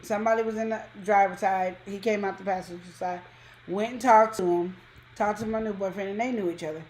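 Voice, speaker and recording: A woman casually telling a personal story on a talk show, acting out quotes with sudden high jumps in pitch. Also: fairly quick, a little hiss or hum. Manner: animated, acts out quotes with big pitch jumps. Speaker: co-host.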